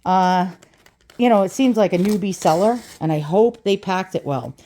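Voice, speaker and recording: A woman talks casually to her viewers while unboxing an antique. She rambles, restarts her sentences and pokes fun at herself, in a voice of ordinary middle pitch. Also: lively intonation, moderate pace, mellow, a little hiss or hum. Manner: chatty, self-deprecating, rambling with restarts. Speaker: antique vlogger.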